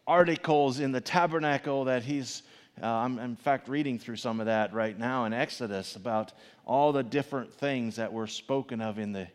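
A man preaching to his congregation in a mid-pitched voice. He delivers his sermon in an animated way, rising to loud, stressed questions and then dropping to quiet asides. His voice rings with the long reverb of a big hall. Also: smooth. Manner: animated, swings between loud emphatic questions and soft asides. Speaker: pastor.

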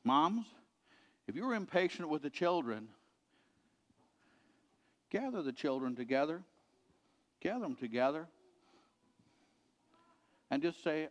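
A middle-aged man preaching a sermon as a pastor, earnestly repeating his points and letting them sink to a quiet finish. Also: a little high, lively intonation, slow pace, pauses often. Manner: earnest, repetitive exhortation, dropping quiet at ends of points. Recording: reverberant hall.

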